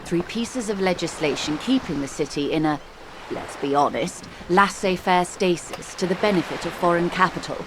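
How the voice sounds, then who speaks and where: A woman's voice: lowish voice, lively intonation, moderate pace, close to an everyday voice. An actress voicing an erudite woman in a video game who lectures a detective in an eloquent, wry manner, in game audio with background noise.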